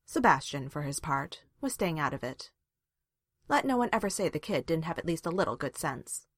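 Brief: low, animated woman narrator, dry close sound. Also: moderate pace, no echo. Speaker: reader. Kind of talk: reading fan fiction aloud.

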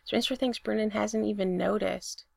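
A woman reading a romance story aloud, steady in her narration and voicing the dialogue. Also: mid-range voice, normal speed, gravelly, dry recording, clean studio sound. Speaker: reader. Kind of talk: reading fan fiction aloud.

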